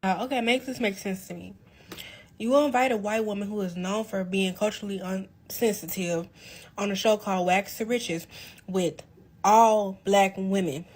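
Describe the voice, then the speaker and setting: A woman with a medium-pitched voice talking casually. She sounds indignant and keeps pressing for an explanation. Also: fairly even intonation, moderate pace, darkish tone. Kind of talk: casual opinion talk.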